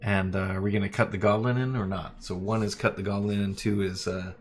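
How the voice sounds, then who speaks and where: A man's voice: on the low side, steady tone, brisk, a little hiss or hum. A man running a tabletop role-playing game on a live stream, narrating loosely with plenty of fillers. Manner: loose, lots of fillers, laughs easily. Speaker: game master.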